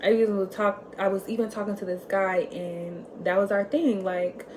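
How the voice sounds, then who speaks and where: A young woman vlogger telling a candid personal story in casual chat, full of "like" fillers and swinging between loud and soft. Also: medium pitch, steady tone, moderate pace, slight background noise. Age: young adult.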